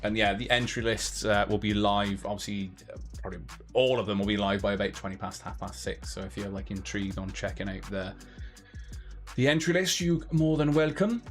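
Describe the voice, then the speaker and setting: A man's voice: lowish voice, a little fast, faint music behind. A man hosting a casual live-stream chat, chatty and laughing often, who sometimes slips into put-on accents. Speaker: host.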